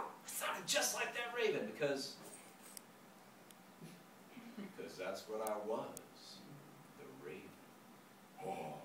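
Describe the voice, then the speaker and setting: A man tells a story live in a lecture room, with an animated delivery full of sound imitations. His pitch is lively and expressive. The voice comes from a distance through a roomy, echoing space with clear noise in the background.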